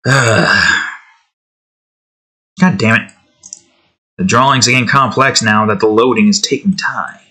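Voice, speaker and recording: As he draws on stream, the host of his own channel rambles casually to himself, thinking out loud and trailing off. He has a fairly low voice, pushed and bright, at a moderate pace.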